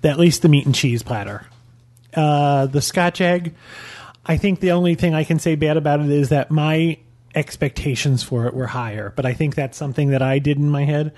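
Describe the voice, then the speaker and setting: A man's voice: fairly high pitch, moderate pace, a little mellow. A man giving a blunt, opinionated restaurant review on a casual podcast. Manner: blunt, opinionated, lists menu items. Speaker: dining reviewer.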